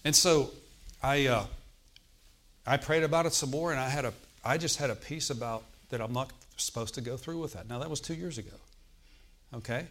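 A man's voice: medium pitch, moderate pace, fairly bright tone. Conversational preacher telling his testimony. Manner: conversational preaching, frequent "Okay?" check-ins. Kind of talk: sermon testimony.

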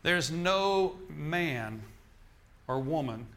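A man's voice: a little high, animated, extremely slow, fairly bright tone. A male minister preaching a sermon in an emphatic, repetitive style, often restarting his phrases.

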